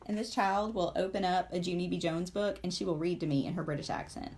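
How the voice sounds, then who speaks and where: A woman's voice: mid-range voice, fairly quick, hardly any pauses, a little mellow, slight background noise. A woman, in her forties, hosting a casual live stream while she paints, rambling with many fillers and asides to her viewers.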